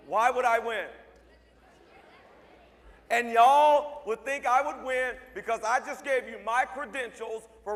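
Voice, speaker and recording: A man with a high-pitched voice delivers a motivational speech at a school assembly, firing short punchy lines and teasing the students in front of him. His voice carries a long reverb from the large hall. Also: a bit bright. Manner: punchy, joking, talks straight to the crowd. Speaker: motivational speaker.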